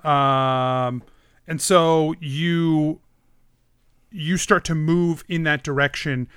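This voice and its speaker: A man running a tabletop game, narrating scenes with plenty of pauses and filler words. His voice sits fairly high, and the recording is dry and close to the mic. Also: steady tone, fairly bright tone, clear, resonant tone, no room sound. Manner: hesitant, many fillers. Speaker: game master.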